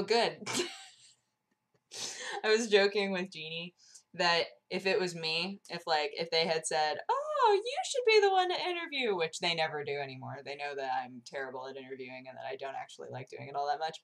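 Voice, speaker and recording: A woman's voice: low voice, normal speed, pauses often, a bit bright. A young woman vlogging in casual, bubbly chat, gushing with lots of "like", coughing through a sore throat. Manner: bubbly, gushing, heavy use of "like".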